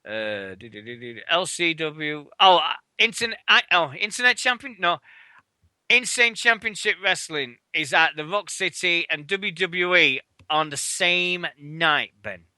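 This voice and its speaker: A British man gets worked up about wrestling on the radio, ranting quickly in a high, piercingly bright voice and swearing throughout his casual talk. The sound is close-miked and dry, with no room sound.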